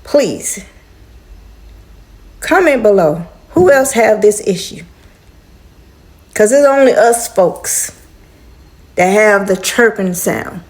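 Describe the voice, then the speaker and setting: A woman's voice: mid-range voice, animated, takes it slowly, long pauses, darkish tone. A woman venting in a casual home vlog, exasperated and talking straight to her viewers. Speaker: vlogger. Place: apartment at home.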